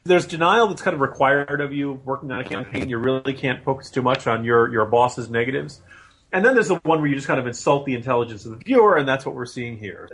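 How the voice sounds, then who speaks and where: A man's voice: mid-range voice, a bit bright, slightly rough. A man as regular co-host of a political commentary podcast, sarcastic and emphatic.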